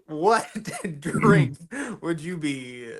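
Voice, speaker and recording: A man in relaxed podcast chat, rambling through fillers and giggling as he goes. His voice sits slightly high. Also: very slow, a crowd in the background. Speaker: podcast co-host. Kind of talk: casual chat.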